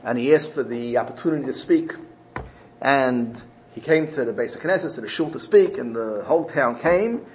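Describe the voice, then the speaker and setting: A man's voice: mid-range voice, moderate pace, a little hiss or hum, low-quality recording. A man teaching a Torah class, telling stories earnestly and with animation. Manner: earnest, animated storyteller mixing Hebrew terms. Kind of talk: storytelling Torah lesson.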